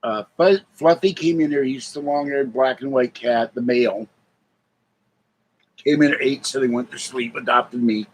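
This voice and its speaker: A man's voice: medium pitch, moderate pace, husky, poor audio. An older man chatting casually on a live stream from home, rambling between answers and cooing at his cats.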